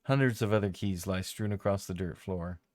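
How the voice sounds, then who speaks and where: Low-voiced man running a tabletop game. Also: moderate pace, darkish tone, dry recording, studio quality. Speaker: game master.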